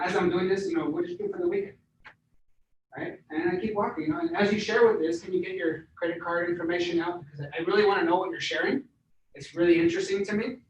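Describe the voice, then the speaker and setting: An energetic man with a high voice runs a hands-on sales training, checking in with his listeners as he goes. He sits well back from the mic, so his voice rings around a roomy space. Faint background noise sits under the talk. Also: muffled recording. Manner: energetic, demonstrative, keeps checking in with "right?". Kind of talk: interactive training session. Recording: roomy, echoey sound from far off the mic.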